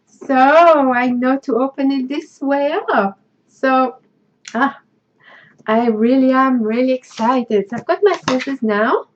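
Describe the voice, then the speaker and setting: A woman's voice: high-pitched, takes it slowly, highs cut off. A woman hosting a crafting channel, chatting casually as she opens mail, gushing and laughing often. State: tearful, choked up. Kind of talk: casual unboxing vlog.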